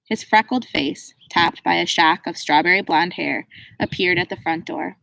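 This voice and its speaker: A woman narrates a children's novel in a steady, expressive audiobook voice. Her pitch sits fairly low and her reading is even and clear. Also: moderate pace, a little hiss or hum, low-quality recording. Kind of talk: scripted storybook narration.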